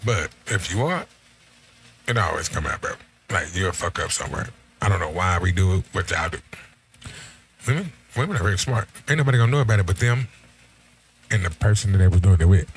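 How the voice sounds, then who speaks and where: Laid-back middle-aged man, lowish voice, casual slangy storytelling. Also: animated, brisk, long pauses, a little hiss or hum. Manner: laid-back, slangy, quotes himself and his friend in conversation.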